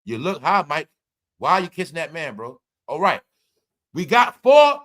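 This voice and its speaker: A man's voice: on the high side, huge pitch swings, moderate pace, a bit bright. A man hosting a commentary show, ranting in a mock-courtroom style and swearing freely. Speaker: show host.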